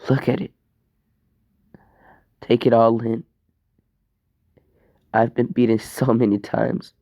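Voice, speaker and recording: A man voicing a vengeful teenage boy hero gone dark, speaking in a cold, threatening way in a fan story. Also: medium pitch, level tone, takes it slowly, creaky, dry recording, lo-fi sound. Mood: anguished.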